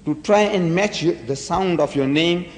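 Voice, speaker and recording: A man's voice: a little high, normal speed. A man giving a dramatic religious lecture full of rhetorical questions. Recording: echoey hall.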